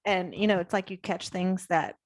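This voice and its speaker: On the low side in pitch, this woman co-hosts a podcast and keeps the conversation chatty and upbeat with quick restarts. The recording sounds like a clean studio with no echo.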